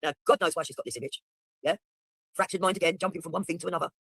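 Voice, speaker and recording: A man's voice: on the high side, racing, gravelly, pushed and bright, husky, no room sound, faint music behind. A man giving blunt, mocking, profane commentary while reacting to a video.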